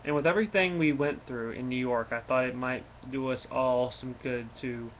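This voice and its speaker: A man's voice: medium pitch, moderate pace, natural voice. Man voicing a young apologetic hostess in a plain read-aloud delivery, faint background noise. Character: young woman hosting friends, apologetic. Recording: dull lo-fi recording, faint noise.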